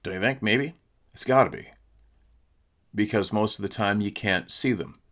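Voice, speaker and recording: On a laptop camera mic, a man hosting a show tells easygoing stories from home in casual chat. His voice sits on the low side, a bit bright, at a moderate pace, and he swears freely and laughs often.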